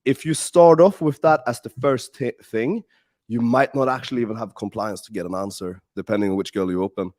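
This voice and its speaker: A man's voice: mid-range voice, fairly quick, darkish tone, dry recording, clean studio sound. A man, a dating coach, in a casual chat, emphatic and repeating phrases to stress his point.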